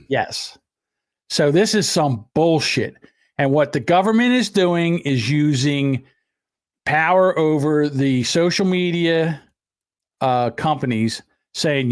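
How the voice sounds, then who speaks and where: An older man banters on a podcast, his voice sitting a little high for a man. He talks in a loose, animated way, mocking and mimicking what he sees on screen. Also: slow pace, no echo, clean studio sound. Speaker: podcast co-host. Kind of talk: casual chat.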